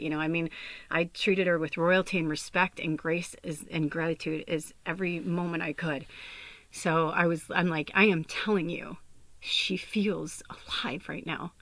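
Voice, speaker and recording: A woman's voice: on the low side, a bit bright, no room sound. Brief: young adult woman podcast host, emotional storytelling, tearful and whispery, dry close sound. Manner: tearful, often dropping to a whisper, many fillers. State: on the verge of tears.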